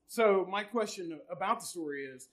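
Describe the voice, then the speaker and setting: A man co-hosting a relaxed podcast in an easy, chatty way. His voice is bright and lively, and he jumps in with quick reactions. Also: sits high. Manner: reacts with laughs and quick exclamations. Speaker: podcast co-host. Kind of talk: casual chat.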